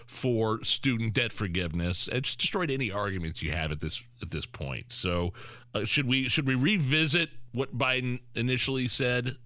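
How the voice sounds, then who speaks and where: A man's voice: medium pitch, normal speed, pushed and bright, no room sound. A man hosting political talk radio, combative and sarcastic, with frequent restarts. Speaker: radio talk show host.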